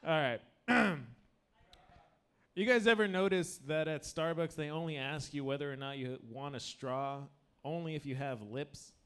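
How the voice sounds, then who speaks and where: A slightly drunk man rambles through a crude open-mic stand-up set, stumbling over his words and restarting sentences. His voice sits a bit high for a man. It sounds like a handheld stage mic in a small bar room. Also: moderate pace, clear, resonant tone. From United States. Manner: crude, rambling, self-interrupting. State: tipsy. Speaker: stand-up comedian.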